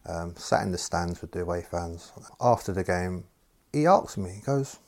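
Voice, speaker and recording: A man's voice: low voice, lively intonation, moderate pace, creaky, darkish tone. A man, a former footballer, recalling his playing days in a plain-spoken, conversational interview. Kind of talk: interview reminiscence.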